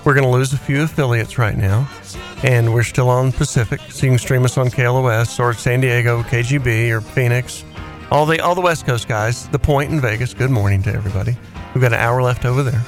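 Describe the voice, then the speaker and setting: Male radio host, fifties, mid-pitched voice, relaxed rambling banter, faint music underneath. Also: fairly quick. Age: 50s. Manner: easygoing, rambling, self-deprecating. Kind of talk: casual morning radio chat.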